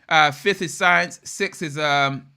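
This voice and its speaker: A young man hosting a live race watch-along, reacting in an excitable, slangy way and chatting with viewers. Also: on the high side, slow pace, clean tone. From United Kingdom. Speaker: live stream host.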